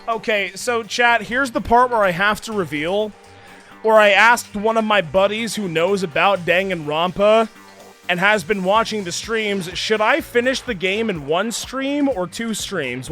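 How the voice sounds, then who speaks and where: High, bright-voiced young male streamer, frantic. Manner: frantic, swings from exasperated shouting to deflated mumbling. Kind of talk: live gameplay streaming to chat.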